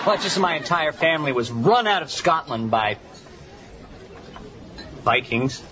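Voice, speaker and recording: A man's voice: on the high side, animated, unhurried, crowd noise, background noise. Chandler, a sarcastic guy. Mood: wry. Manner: dry, sarcastic. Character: sarcastic, awkward young man. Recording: dull TV audio with loud audience laughter.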